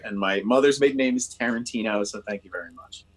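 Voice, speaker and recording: A man telling a story in casual chat, animated and swearing, acting out what people said. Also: quick pace, rough recording. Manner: animated, swearing, acts out quotes with rising pitch.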